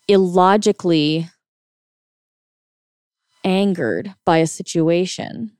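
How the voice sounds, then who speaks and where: A relationship coach gives casual, blunt advice in a monologue, swearing now and then, laughing a lot and acting out the reactions she quotes. Her voice is fairly low, darkish and clean, recorded in a clean studio with no room sound.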